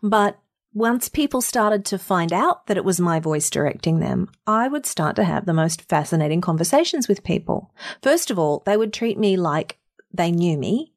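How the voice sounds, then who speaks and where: A woman with an Australian accent, a voiceover artist and singer, telling a story as a guest in an interview, animated and laughing as she acts out quotes. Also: fairly low pitch, moderate pace. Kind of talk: conversational storytelling.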